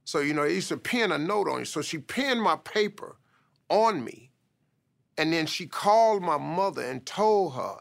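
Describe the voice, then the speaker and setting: Gravelly man telling a life story. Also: on the high side, lively intonation, moderate pace, fairly bright tone. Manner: emphatic, repeats "man" for stress. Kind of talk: motivational storytelling.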